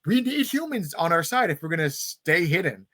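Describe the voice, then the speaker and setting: A man's voice: on the high side, very animated, pushed and bright, no echo. A man hosting a casual podcast, eagerly retelling a film's story and briefly acting out characters' lines. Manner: enthusiastic plot recap, acting out lines in quick voices. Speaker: podcast host.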